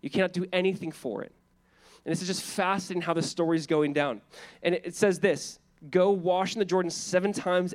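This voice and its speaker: A man preaching a sermon as pastor, casual and animated, acting out people in the story with quick voices. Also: on the high side.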